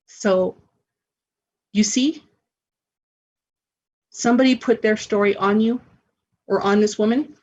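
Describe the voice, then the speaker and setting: A woman's voice: mid-range voice, steady tone, takes it slowly, long pauses, a little mellow, muffled recording. A woman hosting a spiritual self-help radio show, talking in an earnest, encouraging way.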